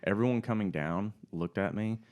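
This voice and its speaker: A man's voice: lowish voice, normal speed, darkish tone, lo-fi sound. A man co-hosting a fitness podcast, telling stories with a dry, joking manner in casual chat.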